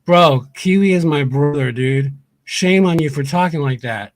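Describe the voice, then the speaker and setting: A male livestreamer in a heated rant, his voice sitting a little high for a man. He swears freely and hammers the same lines again and again, angry and indignant. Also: a little slow. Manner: angry, profane, repeats himself.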